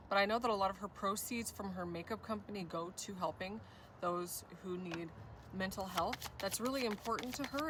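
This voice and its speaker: A woman's voice: medium pitch, recorded from a distance, noisy background. A woman giving a spiritual tarot reading, gushing and effusive, often addressing viewers as "you guys". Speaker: tarot reader.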